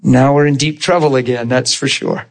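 A man's voice: mid-range voice, fairly even intonation, normal speed, gravelly. A middle-aged man preaching a conversational sermon to a small class. He asks the room for agreement and acts out prayers and God's replies in quoted voices.

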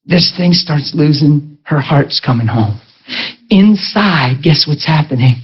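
A man's voice: on the high side, wildly swooping pitch, very slow, long pauses, breathy edge. A man preaching a sermon testimony, telling a story and acting out the dialogue, with emphatic rising peaks. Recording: dull lo-fi sound.

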